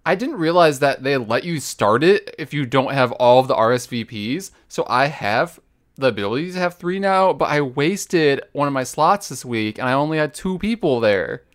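A man hosting a casual gaming podcast, excitable and quick to exclaim. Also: medium pitch. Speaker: podcast host.

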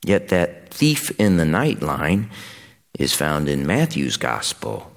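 A man with an extremely low, gravelly voice reads scripture and preaches a homily as a pastor. His delivery is measured and solemn. The sound carries a long reverb like a church hall.

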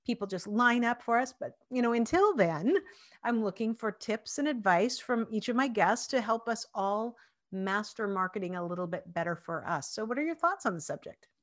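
A woman's voice: on the high side, lively intonation, moderate pace. A woman hosting an interview show, talking in an upbeat, playful, casual way. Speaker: podcast host.

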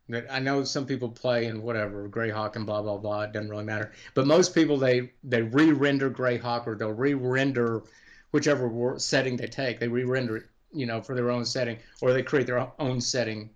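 A middle-aged man talks casually as a podcast guest, his pitch sitting in an ordinary middle range. He rambles through long anecdotes, breaks off to restart his sentences and chuckles as he goes. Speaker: guest game designer.

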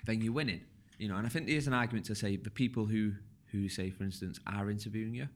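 A man hosts a podcast in an easygoing, conversational way. His voice sits a bit low, and his words slur together when he talks fast. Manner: relaxed, slurs words when talking fast. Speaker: podcast host.

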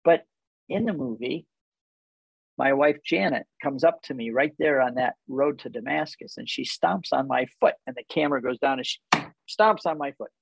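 An older man explaining Bible stories in casual conversation, animated and full of rhetorical questions. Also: medium pitch, moderate pace, vocal fry, breathy edge, no room sound, rough recording. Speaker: guest.

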